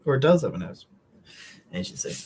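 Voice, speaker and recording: A man's voice: mid-range voice, sing-song, normal speed, darkish tone, a little hiss or hum. Young man rambling while drawing. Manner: meandering, swears casually, many fillers. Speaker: streamer drawing a comic.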